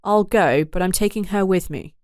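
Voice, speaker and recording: A woman's voice: medium pitch, normal speed, a little mellow, no echo, clean studio sound, close to an everyday voice. A woman voicing a brave young man who speaks firmly and earnestly.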